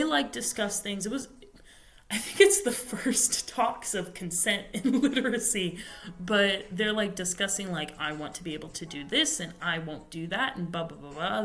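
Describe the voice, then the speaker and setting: A woman's voice: lowish voice, fairly bright tone. A young woman on a podcast casually retelling a novel's plot, rambling with many fillers and self-corrections. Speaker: podcast host. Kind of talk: casual book recap.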